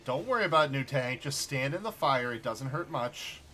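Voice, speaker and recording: A man's voice: medium pitch, moderate pace, faint music behind. A man streaming a video game, chatting casually and joking between moves. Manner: relaxed, joking asides while playing. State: slight tickle in throat. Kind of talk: casual gameplay chat.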